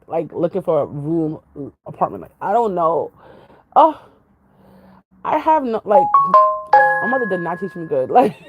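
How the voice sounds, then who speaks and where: Woman vlogger, gravelly fry in her voice, dry close sound, chatty and rambling. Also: fairly low pitch, darkish tone, no room sound, poor audio. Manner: jumps from topic to topic, chatty, laughs often. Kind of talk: casual rambling chat to viewers.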